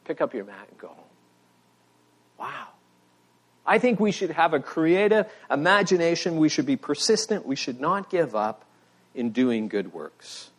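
A middle-aged man preaching a sermon as pastor, telling stories with animated emphasis and a voice that rises when he makes a point. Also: a little high. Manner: animated storytelling, voice rising for emphasis.

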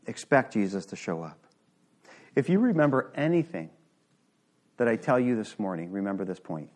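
A man preaching a sermon to a congregation in a room, earnest and emphatic, often checking in with the listeners. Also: medium pitch.

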